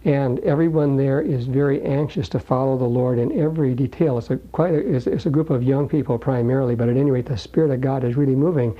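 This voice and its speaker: A man preaching a sermon in a folksy, conversational way, slowing down to read scripture aloud. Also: medium pitch, fairly even intonation. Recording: dull lo-fi recording.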